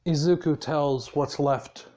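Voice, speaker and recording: A man's voice: on the high side, takes it slowly, dark tone. A man casually improvising a fan story, laid-back and swearing, with frequent restarts.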